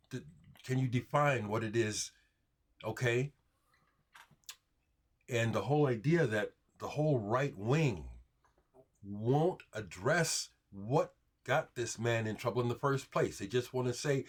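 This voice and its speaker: A man hosts his own video with a husky, slightly rough voice, talking unscripted to camera. His delivery is heated and emphatic, and his pitch swings widely as he restarts his sentences and pushes his points. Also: expressive, measured pace. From United States. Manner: heated, emphatic, frustrated ranting with repeated restarts. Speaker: video host answering viewer comments.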